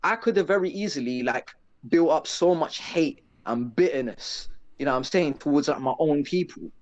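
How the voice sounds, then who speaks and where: A man's voice: a little high, normal speed, lo-fi sound. A man, a guest on a casual live chat, talking earnestly in street slang with constant tag questions.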